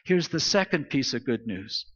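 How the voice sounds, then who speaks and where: A man's voice: mid-range voice, big pitch swings, moderate pace, a bit bright, slightly rough, in a large hall, lo-fi sound. A man preaching a sermon in an emphatic style, repeating phrases for stress. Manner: emphatic, repetitive preaching cadence. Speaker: pastor.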